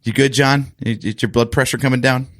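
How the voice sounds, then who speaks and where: A man's voice: medium pitch, fairly even intonation, moderate pace, a bit bright, dry recording, studio quality. Laid-back man teasing his co-host. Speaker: podcast co-host. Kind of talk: casual review chat.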